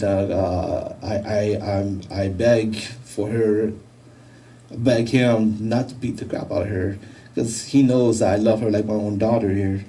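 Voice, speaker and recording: A man giving a personal testimony, telling his story in a halting, emotional way with many restarts. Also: on the low side, mellow, recorded from a distance, poor audio. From United States. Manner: halting, repeats words, emotional.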